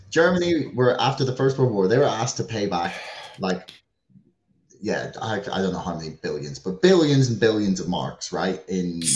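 Emphatic man in a roomy space. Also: lowish voice. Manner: animated, swearing, emphatic storytelling. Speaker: podcast co-host. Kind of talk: casual chat. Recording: roomy echo.

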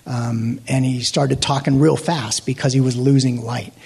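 A man with a husky, slightly breathy voice tells a deeply personal story. He halts, repeats himself and restarts, often letting his voice fall to a hushed near-whisper. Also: fairly even intonation. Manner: hesitant, halting with many restarts, sinking to hushed near-whispers. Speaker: actor sharing a testimony.

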